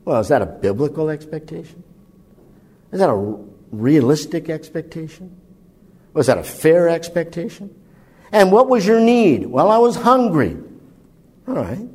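A man preaching a conversational sermon, asking his listeners questions and swinging his pitch and volume widely for emphasis. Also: lively intonation, measured pace, pauses often, dark tone, slightly rough. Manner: conversational, asks the audience questions.

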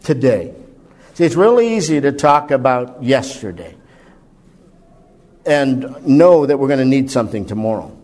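A man preaching a conversational sermon, asking his listeners questions and swinging his pitch and volume widely for emphasis. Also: big pitch swings, moderate pace, a little mellow. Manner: conversational, asks the audience questions.

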